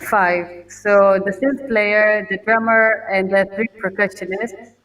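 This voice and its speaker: A woman's voice: mid-range voice, steady tone, takes it slowly, a bit bright. A woman musician talking casually in a remote interview over a video call, chatty and laughing often. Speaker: guest musician. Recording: distant video call audio.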